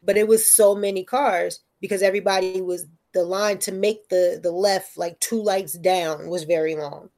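A woman telling a story in casual chat, animated and profane, often checking in with "right?". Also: fairly low pitch, normal speed, few pauses.

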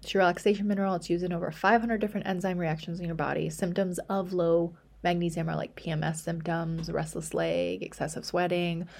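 A woman hosting a solo podcast, talking casually in a chatty, rambling way, often dropping to a soft near-whisper for quick asides. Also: lowish voice, flat delivery, gravelly. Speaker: podcast host.

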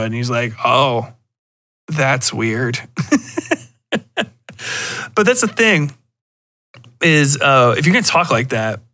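Dude ranting on his podcast, swears constantly, bright voice, keeps restarting sentences. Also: mid-range voice, no room sound. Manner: profane, rambling, animated, frequent restarts. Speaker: podcast host. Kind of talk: casual solo rant.

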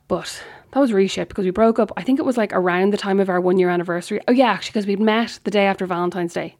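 Chatty Irish woman with gravelly fry. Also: medium pitch, quick pace, darkish tone. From Ireland. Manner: candid, chatty, acts out quoted dialogue. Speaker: podcast host. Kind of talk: casual storytelling monologue.

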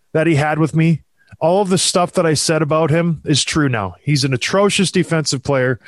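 A man's voice: on the high side, no echo. Exasperated man ranting about hockey. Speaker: hockey podcast host. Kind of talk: heated sports commentary chat.

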